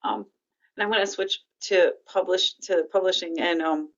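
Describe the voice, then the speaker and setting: A woman's voice: fairly low pitch, steady tone, normal speed. A woman interviewing an author for a library, asking rambling, hesitant questions full of ums. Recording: dull lo-fi sound.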